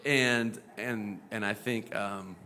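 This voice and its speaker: A middle-aged man and pediatric epilepsy doctor, talking casually on a panel, animated and full of fillers, now and then mimicking voices. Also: on the low side, slow. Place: event panel.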